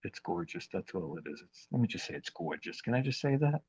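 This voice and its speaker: A man hosting a live craft demonstration, talking in an unhurried, chatty way with plenty of fillers as he works with his hands. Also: sits low, sing-song, darkish tone, dull audio. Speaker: craft demo host.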